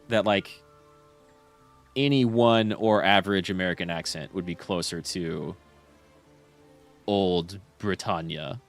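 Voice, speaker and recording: A man's voice: low-pitched, slow pace, pauses often, faint music behind. A young man streaming a game and chatting casually, rambling with lots of fillers and restarts.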